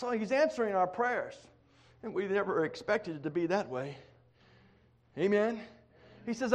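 A middle-aged man preaching a sermon, acting out prayers in a raised pleading voice, then dropping low. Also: lively intonation, moderate pace, long pauses.

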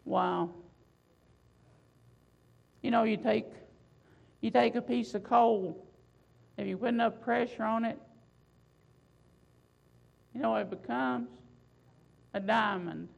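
A woman preaching a sermon, building emphasis with loud swells and slow, drawn-out phrases. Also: fairly high pitch, vocal fry, dull audio.

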